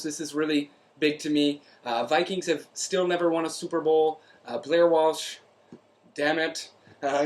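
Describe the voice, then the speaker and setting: A man's voice: high voice, lightly acted. A man playing a chatty Minnesotan sports fan as a guest commentator, folksy and rambling, with a Minnesotan accent, in a comedic character bit. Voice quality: folksy, rambling, drops local sayings.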